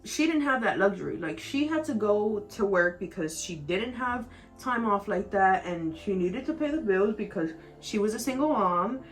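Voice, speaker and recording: A woman's voice: medium pitch, lively intonation, moderate pace, soft background music. A young woman vlogger telling a personal story in a rambling, emotional way, full of "like", tearful at times. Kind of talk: storytime vlog.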